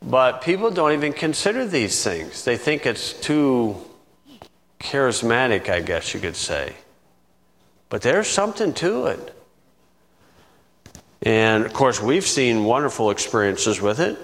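A man preaching a sermon, teaching verse by verse in a conversational way, with chuckling asides and key words drawn out slowly. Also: mid-range voice, sing-song, a bit bright. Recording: long reverb from the room.

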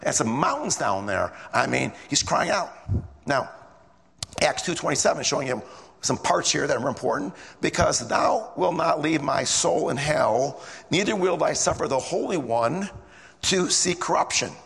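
A man's voice: fairly high pitch, animated, moderate pace, gravelly, fairly bright tone, in a large hall. A man preaching a sermon in a casual storytelling way, repeating phrases as he goes.

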